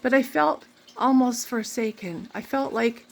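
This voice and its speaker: A woman's voice: on the high side, a little slow, creaky, slight background noise. A woman vlogging, telling a rambling, candid personal story full of faith talk. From Canada.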